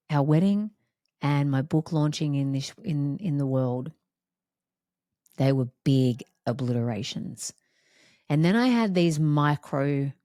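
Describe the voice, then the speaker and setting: A woman's voice: deep voice, dark tone, no room sound, studio quality. A woman hosting a reflective solo podcast, talking in an emphatic, repetitive, heartfelt way. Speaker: podcast host.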